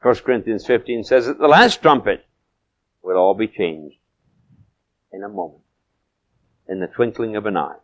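A man preaching a sermon, swinging from loud emphatic peaks to soft low asides and stretching key phrases. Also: animated, moderate pace, long pauses, highs cut off.

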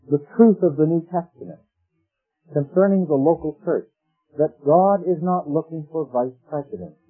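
A man delivers a sermon in an easy, conversational manner, quoting scripture and asking rhetorical questions. His voice is husky and sits at an ordinary pitch. It comes through a tinny, phone-like radio broadcast with faint music behind. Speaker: preacher.

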